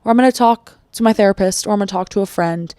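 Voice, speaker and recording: A woman's voice: mid-range voice, quick pace, mellow, clear, resonant tone, no echo, studio quality. A woman hosting a solo motivational podcast. She talks bluntly, swears freely, fires off rhetorical questions and acts out the inner voices she quotes. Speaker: podcast host.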